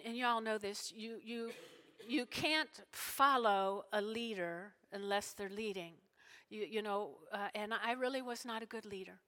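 A middle-aged woman pastor preaching to her congregation, folksy, emotional and dropping into soft whispered prayers. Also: on the high side. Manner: folksy, talks to congregation as y'all. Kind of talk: sermon.

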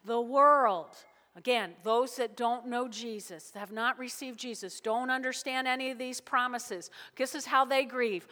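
A woman pastor preaches in a lively, conversational way, often tossing out quick check-ins to her listeners. Her voice sits a little high and sounds bright and forceful. It rings with a long hall reverb, and soft music plays underneath. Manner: lively, conversational preaching with frequent "all righty?" asides. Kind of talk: sermon.

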